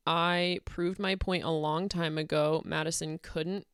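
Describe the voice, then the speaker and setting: A woman's voice: deep voice, fairly even intonation, unhurried, smooth, dry recording, studio quality. A woman delivering a heated, sarcastic rant to camera, blunt and swearing often. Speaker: YouTube commentator.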